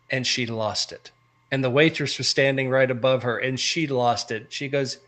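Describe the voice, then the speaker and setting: A man from the United States co-hosting a casual podcast chat, with a bright, forceful tone. He spins long stories full of ranting asides and keeps his pitch in an ordinary middle range. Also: normal speed. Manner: animated storyteller, ranting asides. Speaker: podcast co-host.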